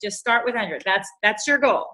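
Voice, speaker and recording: A woman's voice: on the high side, lively intonation, a little fast, pushed and bright. A woman with a Southern US accent, co-hosting a casual chat, talking in a chatty way full of fillers and restarts. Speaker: co-host.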